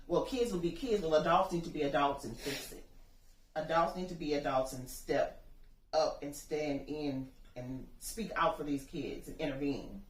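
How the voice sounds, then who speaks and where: A woman's voice: sits low, echoey room, recorded from a distance, poor audio. A woman speaking as a bereaved mother in an interview, earnest and emphatic, telling her own story and building to urgent appeals. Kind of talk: personal testimony.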